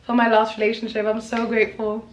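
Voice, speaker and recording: A young woman who hosts radio, chatting casually to camera in a Q&A, laughing often mid-sentence. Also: quick pace. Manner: chatty and animated, bursts into high laughter. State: briefly teary. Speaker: radio host and vlogger.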